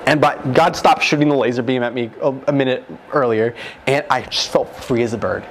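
A young man telling an emotional testimony in a group conversation, excited and rushed, full of "like", into a handheld mic. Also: mid-range voice, slight background noise. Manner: excited, rushed, fills speech with "like". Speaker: guest telling his near-death story. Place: room with other men holding mics.

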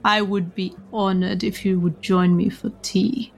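Woman putting on a courteous menacing russian count, mock russian accent, a bit higher pitched. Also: steady tone, unhurried, vocal fry, a little hiss or hum. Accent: put-on Russian. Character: smooth-talking male Russian count, polite and menacing.

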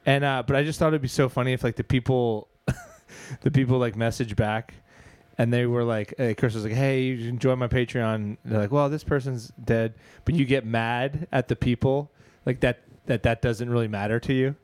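A man's voice: medium pitch, fairly even intonation, normal speed, a little mellow, no room sound. A man co-hosting a comedy podcast, rambling through loose, laughing chat and trying out silly bits. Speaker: podcast co-host.

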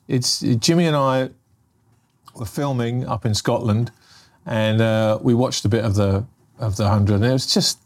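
A man's voice: mid-range voice, a little slow. A man hosting a podcast, making jokey, breezy sports banter. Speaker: podcast host. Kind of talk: casual sports chat.

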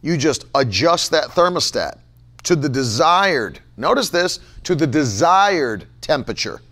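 Emphatic, lively male preacher with gravelly edge. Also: fairly high pitch. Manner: emphatic, repeats key phrases, slows for stress. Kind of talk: sermon.

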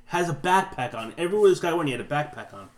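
A man's voice: on the high side, expressive, fast. A man on a podcast, telling a long rambling anecdote in a casual chat and laughing along the way. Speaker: podcast co-host.

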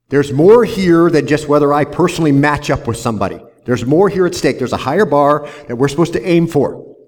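A man's voice: a little high, a little mellow. A man pastor preaching a verse-by-verse sermon in an earnest manner, often tagging "see?" onto his points.

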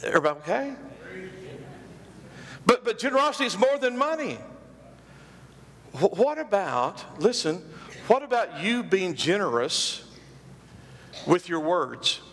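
A man's voice: high voice, sing-song, unhurried, long pauses, fairly bright tone. A man preaching a sermon as pastor, repeating phrases and calling out questions to the congregation. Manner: call-and-response preaching, repeats phrases for emphasis. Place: church sanctuary. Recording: long hall reverb.

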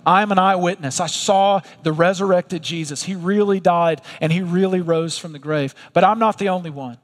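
An earnest apostle turned courtroom attorney questions witnesses in a formal, higher voice, as a preacher puts him on. The long echo of a big hall trails every line. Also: male voice, normal speed, close to an everyday voice. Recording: long reverb of a large hall.

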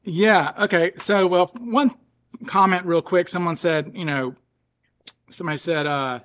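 A man's voice: sits high, measured pace, a bit bright. A man hosting a podcast in casual chat, thinking aloud and circling back to rephrase his points. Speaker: podcast host.

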